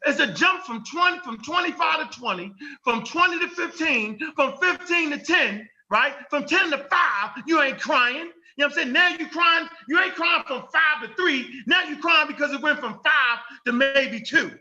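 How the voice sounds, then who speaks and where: Heated high-voiced man arguing, lo-fi. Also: moderate pace, few pauses. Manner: animated, repetitive rhetorical questions, slangy. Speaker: panel debater. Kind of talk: heated casual debate. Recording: dull lo-fi audio.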